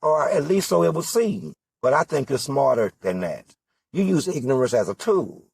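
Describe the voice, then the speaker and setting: A man's voice: mid-range voice, big pitch swings, normal speed, gravelly, a little mellow, husky, no room sound. A man giving an impassioned political monologue, full of rhetorical questions and emphatic repetition. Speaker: political candidate.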